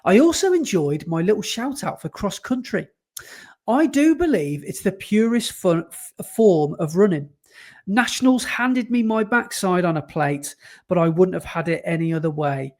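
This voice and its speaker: A man co-hosting a podcast, chatting casually and reading listener emails aloud, animated and quick to laugh. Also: high voice. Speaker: podcast co-host.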